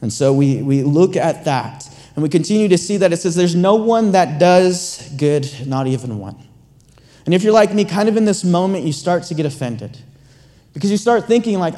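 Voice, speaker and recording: A man's voice: sits high, normal speed, warm tone. A man preaching a sermon in a conversational, storytelling way, often repeating words as he restarts a thought. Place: church sanctuary. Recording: long reverb of a large church hall.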